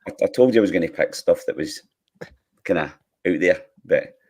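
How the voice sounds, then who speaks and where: A Scottish man with a very low, deep voice, co-hosting a podcast and rambling on enthusiastically. He uses plenty of fillers and restarts. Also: fairly quick, a little mellow, husky. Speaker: podcast co-host. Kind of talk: casual chat.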